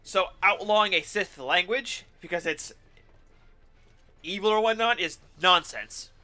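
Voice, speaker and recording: Man, streamer, high voice, piercing bright tone, sarcastic ranting, swears. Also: measured pace. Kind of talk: ranting commentary while gaming.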